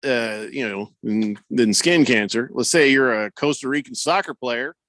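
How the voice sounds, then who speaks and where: A man co-hosting a radio show, telling stories in a casual, animated way and acting out what people said. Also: mid-range voice, normal speed. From Irish heritage. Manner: animated storyteller, acts out quotes. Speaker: radio co-host. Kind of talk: casual sports radio banter.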